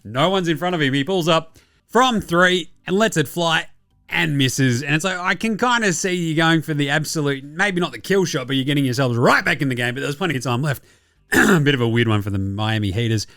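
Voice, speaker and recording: Sweary excitable Australian sports host. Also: male voice, fairly high pitch, brisk, dry recording, studio quality. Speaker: basketball podcast host. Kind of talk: casual sports recap.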